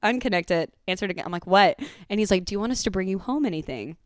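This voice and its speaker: Woman, podcast host, animated storytelling, dry close mic. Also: medium pitch, racing, no room sound. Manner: animated, profane, acts out quotes. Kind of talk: casual storytelling chat.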